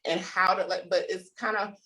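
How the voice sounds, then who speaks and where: A woman's voice: mid-range voice, fairly even intonation, moderate pace, pushed and bright, poor audio. A woman on a panel, speaking in a passionate, firm and conversational way. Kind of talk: casual panel discussion.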